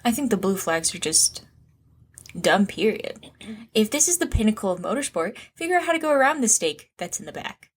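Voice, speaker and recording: Woman co-host on a podcast, mid pitch, dry sarcastic jokes. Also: sing-song, brisk, husky. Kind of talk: casual chat.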